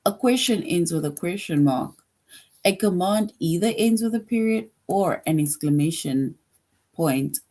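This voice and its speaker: A woman's voice: lowish voice, animated, a little slow, dark tone. A woman teaching a grade school grammar lesson, patient, repeating each point and often checking in with "right?".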